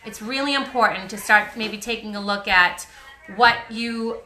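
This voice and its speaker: A woman's voice: mid-range voice, moderate pace, bright, forceful tone. A woman with a Boston accent hosting a chatty, upbeat live stream, answering viewer comments with frequent ums. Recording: roomy echo.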